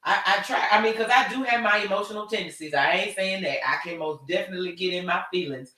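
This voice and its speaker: A woman hosting a live talk show in casual chat. She is animated and expressive, swinging between loud and soft. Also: mid-range voice, quick pace. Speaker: host. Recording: echoey room, distant mic.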